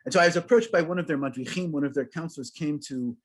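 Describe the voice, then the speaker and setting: A man's voice: fairly high pitch, fast. Upbeat American man telling a sermon story. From United States. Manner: lively, humorous storyteller addressing a congregation. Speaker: rabbi.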